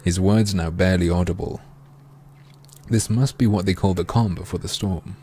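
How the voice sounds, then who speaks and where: A man's voice: deep voice, steady tone, moderate pace, warm tone, slight background noise. A man narrating and commenting on a video game with sardonic, crude asides. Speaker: let's play host.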